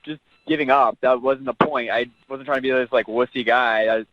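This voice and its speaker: A man's voice: medium pitch, fairly even intonation, brisk. Defensive man on a muffled phone line. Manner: defensive, sheepish. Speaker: caller.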